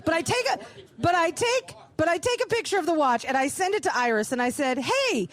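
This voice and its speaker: A woman's voice: animated, brisk, dry recording. A woman co-hosting a live podcast show, telling a long story with lots of swearing and acting out each voice in the dialogue. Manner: profane, acts out dialogue with big pitch jumps. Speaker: podcast co-host. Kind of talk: animated storytelling. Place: live show on a cruise ship.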